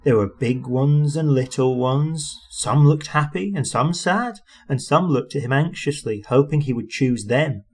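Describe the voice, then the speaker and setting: A man reading a children's story aloud with expressive, animated narration. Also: medium pitch, unhurried, hardly any pauses.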